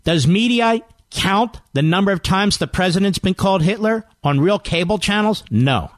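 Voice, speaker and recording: A man's voice: sits high, expressive, normal speed, no echo. A man hosting a political talk radio show, delivering a combative monologue and reading headlines aloud with rising emphasis into a studio microphone.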